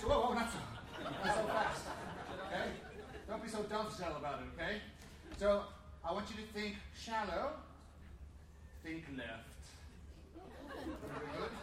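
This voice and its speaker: High-voiced man teasing a roaring crowd. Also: noisy background. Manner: bossy, teasing, laughing between commands. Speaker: stage comedian doing crowd work. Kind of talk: live audience interaction. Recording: echoey hall from far off, loud crowd.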